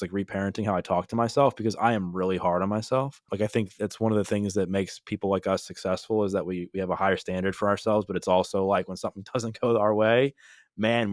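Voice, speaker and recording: A man's voice: fairly low pitch, no room sound, clean studio sound. A man hosting a podcast, talking in an earnest, emphatic, casual interview style. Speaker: podcast host.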